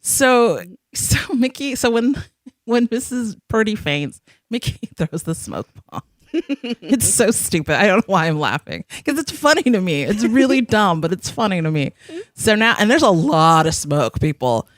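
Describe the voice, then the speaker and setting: In a dry, studio-quality recording, a podcast host chats casually about an episode. The young woman speaks at a moderate pace in a medium-pitched, sing-song voice, rambling and giggling as she performs quotes.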